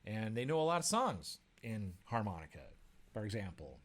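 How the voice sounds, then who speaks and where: A man, an author and educator, explaining ideas through personal stories in a relaxed spoken lesson, with fillers and restarts and lively bursts when he acts out quoted speech. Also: lowish voice, normal speed. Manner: animated storytelling, acts out quoted outbursts; conversational, with frequent fillers and restarts.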